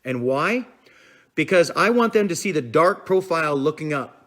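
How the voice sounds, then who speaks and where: A man hosts a relaxed fishing-tips live stream, talking in a loose, rambling way. His voice sits a bit higher than most men's. He keeps breaking off to greet viewers and answer their comments. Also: moderate pace. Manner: chatty and rambling, with fillers like "I'm telling you" and "man"; reads out and answers viewer comments as they come in. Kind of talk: casual live-stream chat.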